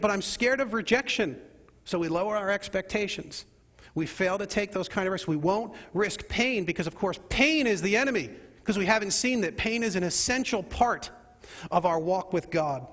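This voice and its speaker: A man preaching a sermon as pastor, asking rhetorical questions and leading the congregation in call-and-response, swinging between loud and quiet passages. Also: sits high, lively intonation, moderate pace. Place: church sanctuary. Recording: long hall reverb.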